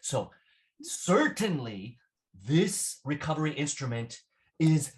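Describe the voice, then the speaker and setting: A man's voice: a little high, sing-song, slow. Patient man teaching vocabulary. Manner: patient, repeats phrases, asks "right?" often. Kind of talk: classroom vocabulary lesson.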